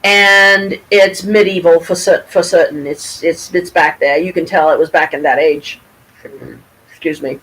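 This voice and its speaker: A middle-aged woman from Michigan telling a story to her camera at home, rambling and animated, with frequent restarts and casual swearing. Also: lowish voice, a little slow, a little hiss or hum, rough recording. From Pontiac, Michigan, USA. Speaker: vlogger. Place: at home, with her cat nearby.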